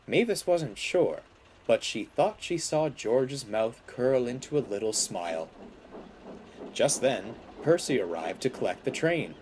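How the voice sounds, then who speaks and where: A man reading a children's story aloud in an expressive, dramatic narration. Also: lowish voice, unhurried, breathy edge.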